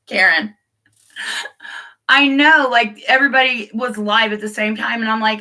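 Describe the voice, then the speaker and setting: A woman's voice: fairly high pitch, fairly even intonation, slow, pauses often, bright, forceful tone. A woman chatting casually on a live stream, rambling and laughing, greeting viewers by name.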